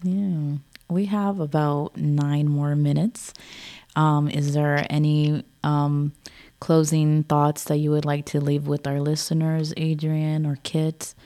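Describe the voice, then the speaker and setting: A woman hosting an interview show, hesitant and filling pauses with ums. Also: deep voice, level tone, dark tone. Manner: hesitant, many fillers. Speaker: show host.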